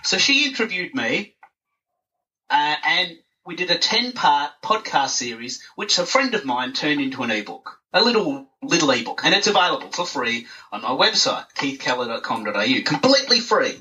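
A man chatting as an interview guest and telling animated stories. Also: on the high side, normal speed. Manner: animated storyteller who acts out voices. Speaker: podcast guest. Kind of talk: casual interview chat. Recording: dull, distant recording.

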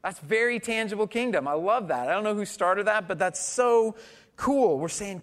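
A man's voice: high-pitched, lively intonation, moderate pace, a bit bright. A man preaching a conversational sermon, telling stories and asking the congregation questions. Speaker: pastor.

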